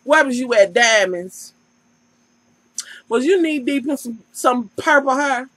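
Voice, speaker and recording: A woman's voice: sits high, lively intonation, a little slow, fairly bright tone, no echo, low-quality recording. A woman vlogger giving a sassy, profane, casual recap of a reality TV show and talking straight to the cast.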